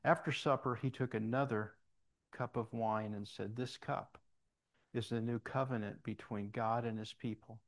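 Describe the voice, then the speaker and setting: Folksy pastor giving a sermon. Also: male voice, mid-range voice, fairly even intonation, moderate pace. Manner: folksy and conversational, telling stories. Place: church sanctuary.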